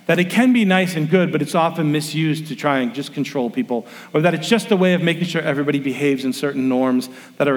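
Pastor preaching in a reverberant hall. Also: male voice, mid-range voice. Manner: storytelling, acts out quoted voices. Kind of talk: sermon. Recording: long reverb of a large room.

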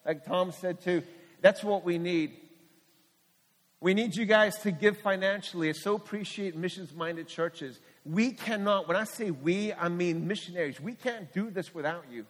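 A man's voice: high-pitched, moderate pace. A middle-aged man, a missionary pastor, giving a candid testimony in a sermon at church, telling his story earnestly with frequent restarts. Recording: long hall reverb.

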